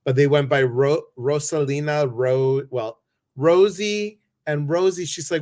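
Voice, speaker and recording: A man's voice: on the high side, measured pace, darkish tone. A man hosting a live stream, chatting casually and greeting viewers one by one by name.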